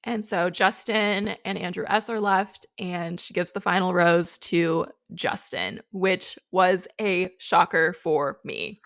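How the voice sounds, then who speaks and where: A woman's voice: on the low side, slow pace, hardly any pauses. A woman co-hosting a podcast, recapping a reality show in casual, chatty storytelling. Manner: chatty, animated storytelling with acted quotes. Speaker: podcast co-host.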